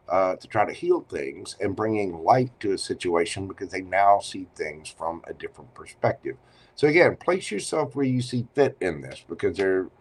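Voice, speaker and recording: A man with a fairly low voice reads tarot cards on a live stream. He talks in a loose, chatty way, turning to the viewer often. His delivery is expressive and conversational. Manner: chatty, expressive, speaks straight to the listener. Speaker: tarot reader.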